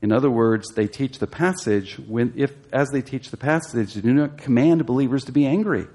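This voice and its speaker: A man's voice: mid-range voice, moderate pace, darkish tone, husky. Man teaching a Bible study class. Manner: explanatory, rising emphatic when exhorting, asks the class questions.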